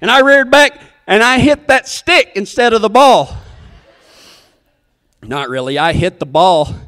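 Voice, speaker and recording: A man's voice: sits high, expressive, a little slow, fairly bright tone, long reverb tail. A man telling a comic story in a folksy, rambling, self-deprecating way.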